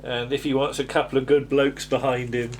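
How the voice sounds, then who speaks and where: A man's voice: medium pitch, little pitch movement, brisk, a little hiss or hum. A man co-hosting a TV review, chatting casually, rambling and prompting his co-host with questions. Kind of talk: casual chat.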